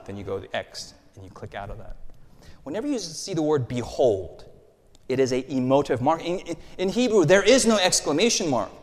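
A male pastor delivers a sermon in an animated, playful way, quizzing the congregation as he goes. His pitch swings widely, rising and falling through each sentence. The sound carries the long reverb of a church hall. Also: brisk.

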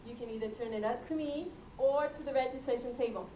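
A woman's voice: high-pitched, warm tone. A woman making chatty, joking announcements at a gathering in a large hall. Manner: chatty, joking, slow and deliberate. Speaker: event announcer. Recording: echoey hall from far off, faint noise.

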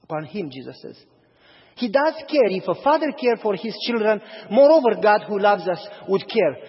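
A man's voice: sits high, moderate pace, husky. A man preaching a sermon as a pastor, telling stories and acting out the dialogue in them. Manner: animated storyteller, acts out dialogue. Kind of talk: sermon with storytelling. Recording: dull audio, long hall reverb.

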